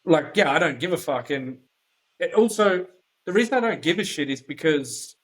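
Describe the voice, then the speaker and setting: A man's voice: on the high side, lively intonation, normal speed, low-quality recording. A man with an Australian accent, a podcast guest talking bluntly and rambling, with plenty of swearing, in a casual chat. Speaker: podcast guest, offroad YouTuber.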